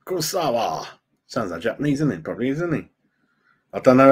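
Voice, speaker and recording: A man's voice: mid-range voice, sing-song, fairly quick, husky. A man hosting a live fan stream, chatting casually and reading out viewers' comments as he goes. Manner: chatty and matey, reads chat aloud, calls viewers mate. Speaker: fan channel host. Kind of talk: live-stream chat about football.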